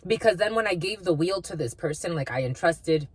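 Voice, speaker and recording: Lower-voiced woman giving a rambling spiritual reading. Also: animated, fairly quick, few pauses, slightly rough, no echo. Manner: rambling, many fillers and restarts. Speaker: spiritual reader. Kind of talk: casual spiritual reading monologue.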